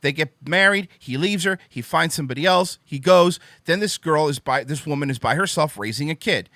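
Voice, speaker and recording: A man's voice: on the high side, expressive, brisk, bright, forceful tone, no room sound. A young man hosting a podcast, ranting in a casual opinion monologue, profane and emphatic. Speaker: podcast host.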